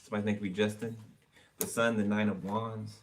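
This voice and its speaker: A man with a fairly low voice gives a casual tarot reading, naming cards and commenting in a chatty, blunt way with the occasional curse. He sounds set back from a distant mic, with a faint hiss in the background. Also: little pitch movement, brisk. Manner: chatty, blunt, swears and laughs freely. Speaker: tarot reader.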